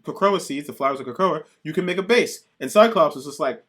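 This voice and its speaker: A man co-hosting a podcast, reviewing comics in excited, profane casual chat and acting out characters in quick bits. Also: high-pitched. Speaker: podcast co-host.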